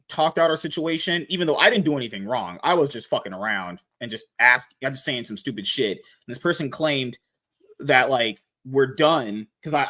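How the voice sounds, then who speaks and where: A man's voice: on the high side, a bit bright. A man hosting a podcast, talking casually and animatedly, swearing freely and rambling with restarts. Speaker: podcast host.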